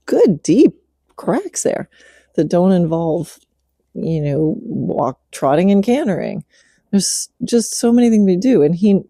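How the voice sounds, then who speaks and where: Middle-aged woman host with a dark, dry, close-up sound, talking slowly and gently as she praises her horse. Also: low voice, creaky, no echo. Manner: soft, relaxed, coaxing the horse with praise. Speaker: podcast host, horse trainer. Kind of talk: casual spoken reflection while working a horse. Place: outdoors at night with her horse.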